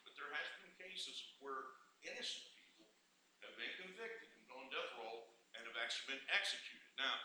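A man preaching a sermon, moving from quiet musing to loud, fervent preaching. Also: fairly high pitch, echoey room, slight background noise.

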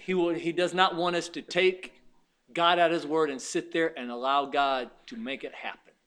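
A male pastor preaches to his church, his voice bright and fairly high, rising into sharp, loud peaks when a point lands. He moves between hushed, confiding asides and exclaiming bursts as he tells a story. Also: steady tone, moderate pace, clear, resonant tone. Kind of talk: sermon.

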